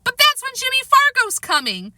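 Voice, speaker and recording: A woman's voice: extremely high pitch, wildly swooping pitch, moderate pace, bright, forceful tone, dry recording, voice pushed up, heavily acted. A woman doing an exasperated older boy. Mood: worried. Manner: exasperated, sarcastic.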